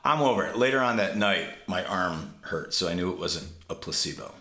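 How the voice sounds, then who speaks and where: A man's voice: low-pitched, brisk. A man in casual podcast chat, telling stories with lots of energy and plenty of swearing. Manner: animated storyteller, swears freely. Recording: roomy echo.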